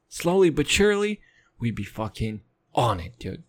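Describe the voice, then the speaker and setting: A young man, a native Russian speaker, riffs through a profane, goofy rant. His voice is mid-pitched and leaps around wildly, with sudden squeaks and drops. He rambles on like a comedian having fun. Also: big pitch swings, moderate pace. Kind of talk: casual comic rant.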